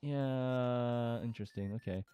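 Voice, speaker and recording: A man's voice: mid-range voice, unhurried, dark tone, smooth, faint music behind. A man casually reading forum posts aloud and commenting, with lots of fillers and chuckles. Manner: chatty, with frequent fillers and laughter.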